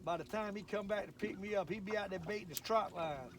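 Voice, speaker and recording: A man's voice: sits high, a little fast. Folksy older man on a boat. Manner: folksy, rambling, drawling country talk. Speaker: fishing show host. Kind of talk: casual fishing vlog monologue. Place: outdoors on a boat on a lake.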